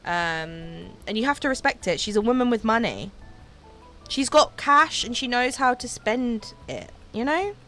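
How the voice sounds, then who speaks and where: Faint music plays as a woman streams a game, her voice a little high, sing-song, unhurried, and slightly bright. She chats casually and giggles a lot, peppering her speech with "um" and "like."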